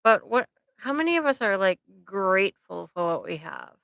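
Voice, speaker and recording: A woman's voice: medium pitch, big pitch swings, moderate pace, vocal fry, fairly bright tone, dry recording, rough recording. A woman therapist hosting a live support stream. She talks casually and conversationally, with frequent "like" and "right?" tags, and speaks straight to her viewers. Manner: directly addresses viewers. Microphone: computer microphone.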